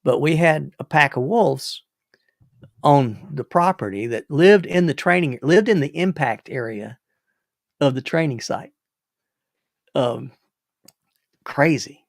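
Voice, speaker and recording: A man's voice: fairly high pitch, expressive, slow, gravelly, long pauses, no room sound, studio quality. An older man hosting a livestream, telling rambling stories with repeated words and chuckles. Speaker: livestream host. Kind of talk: casual storytelling.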